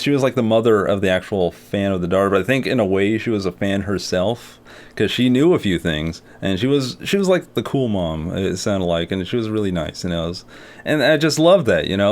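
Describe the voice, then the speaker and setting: Rambling man telling a vlog story. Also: lowish voice. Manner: rambling, with many fillers and restarts. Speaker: artist and video creator.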